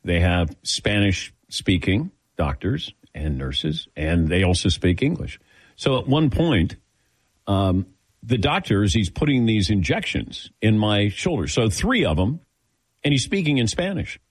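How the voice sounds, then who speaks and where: A man hosting a talk show, telling stories in a casual, animated way and acting out the dialogue. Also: fairly low pitch, unhurried, slightly rough, no echo. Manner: animated storyteller, acts out dialogue with laughs. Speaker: radio show host.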